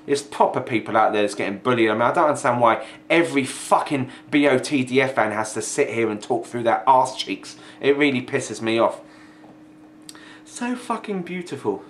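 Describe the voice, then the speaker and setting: A man's voice: mid-range voice, brisk, hardly any pauses, a little hiss or hum. A young man ranting angrily in a vlog, sweary and mocking, sounding exasperated. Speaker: video ranter. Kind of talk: angry vlog rant.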